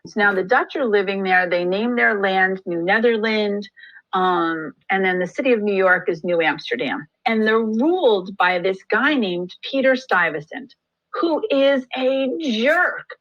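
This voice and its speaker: A woman's voice: mid-range voice, normal speed. A woman teacher talks through a history lesson in a chatty way and drops joking asides, with a medium voice. The recording sounds dull and a bit lo-fi. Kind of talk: classroom lesson screencast.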